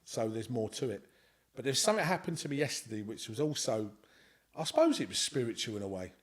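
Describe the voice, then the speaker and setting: A man's voice: medium pitch, very animated, quick pace. A man with a London accent tells a long personal anecdote as a podcast guest. His delivery is casual and heartfelt, circling back on itself as he goes. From Scotland. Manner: earnest, rambling anecdotal storyteller. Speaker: interview guest. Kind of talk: casual storytelling.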